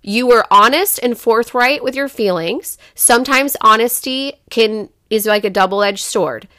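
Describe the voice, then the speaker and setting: A woman's voice: a little high, a little slow, fairly bright tone, no room sound, studio quality. A woman who is a mother, telling a personal story in a frank, casual podcast conversation, swearing freely and leaning on "like" and "you know". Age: adult parent. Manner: frank, profane storytelling with filler words.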